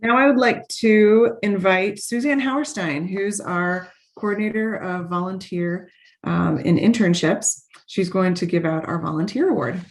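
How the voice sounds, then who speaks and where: A woman, the head of a garden, giving a heartfelt tribute at an annual meeting, with small restarts. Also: medium pitch. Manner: warm, heartfelt, slightly halting with restarts. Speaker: CEO of a garden. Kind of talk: formal meeting tribute speech.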